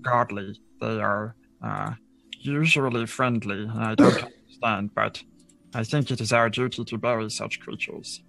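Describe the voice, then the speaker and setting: A man's voice: lowish voice, steady tone, measured pace, creaky, fairly bright tone, low-quality recording. A man voicing a solemn male guide who speaks with reverence about burying fallen creatures.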